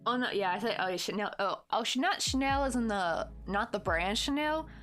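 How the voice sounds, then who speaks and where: Lively chatty American woman host. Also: on the high side, fairly quick, soft background music. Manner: rambling, chatty, laughing often, animated. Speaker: crochet livestream host. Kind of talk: casual chat reading viewer comments aloud.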